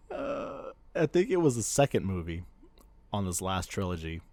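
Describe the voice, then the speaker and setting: Male podcast co-host, animated rambling storyteller with a dry close sound. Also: lowish voice, a little slow, creaky, no echo. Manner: rambling storyteller, laughs often, many restarts. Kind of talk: casual chat.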